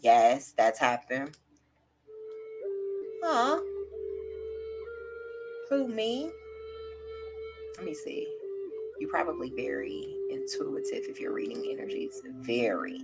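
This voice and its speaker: A woman's voice: a little high, huge pitch swings, slow pace, creaky, long pauses, loud music behind the voice. A young woman hosting a tarot livestream, talking candidly and emotionally in a rambling way and reading out viewer comments.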